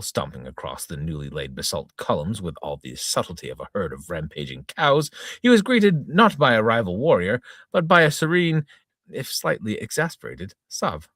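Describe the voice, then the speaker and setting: Middle-aged guy reading a silly news story aloud on a chill podcast, kinda husky, lots of up and down in his voice. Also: low voice, sing-song, a little fast, a bit bright, no echo, studio quality. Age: 40s to 50s. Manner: stumbles and restarts over words, mock-dramatic newsreader tone. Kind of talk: casual read-aloud with tongue-in-cheek news delivery.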